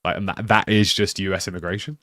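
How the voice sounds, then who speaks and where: A man's voice: low-pitched, flat delivery, fast, a bit bright, dry recording, clean studio sound. A young British man chatting casually on a live stream, rambling with lots of "like" and restarts. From United Kingdom.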